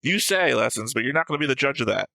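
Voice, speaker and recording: Gravelly, bright-voiced man chatting. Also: mid-range voice, animated, fast, no room sound. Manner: talkative, joking, explains his reasoning. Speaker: co-host of an anime reaction show. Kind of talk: casual chat.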